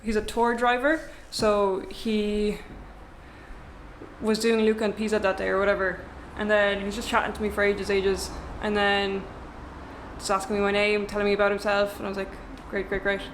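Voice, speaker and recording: A woman's voice: mid-range voice, flat delivery, normal speed, a little hiss or hum. A young woman, a travel vlogger chatting casually to camera in a rented apartment, rambling and wry.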